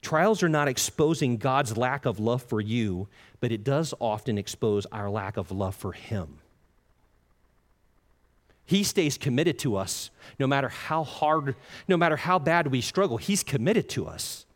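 Male preacher, earnest sermon, pitch swings a lot, long hall reverb behind him. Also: animated, unhurried. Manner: earnest, acts out the listener's complaints in quoted asides.

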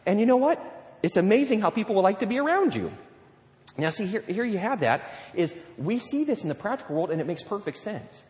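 A male pastor preaching a sermon, lively and conversational, acting out little scenes and quotes as he goes. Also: sits high, a little fast. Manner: animated preaching with playful acted-out quotes. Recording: long hall reverb.

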